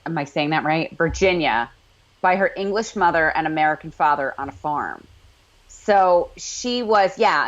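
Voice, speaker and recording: Woman, casual recap chat, low voice, muffled lo-fi sound. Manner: chatty, self-deprecating asides. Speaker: podcast co-host. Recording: dull lo-fi sound.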